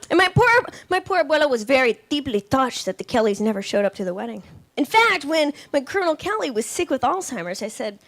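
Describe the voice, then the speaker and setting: On a comedy club stage before a live audience, a sassy woman comedian with a high, fairly bright voice does her stand-up set. Her delivery is punchy, with impressions of relatives and men.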